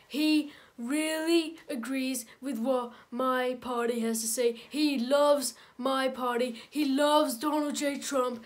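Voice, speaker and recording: A performer doing a comedic impression of an angry, boastful older male politician who rants repetitively. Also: sits high.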